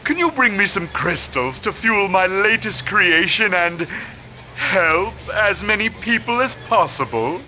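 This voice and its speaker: A man's voice: high voice, very animated, a little slow, pushed and bright, slight background noise, heavily acted. An actor playing a scheming male mad scientist who puts on a sly, falsely innocent manner, in a video game cutscene.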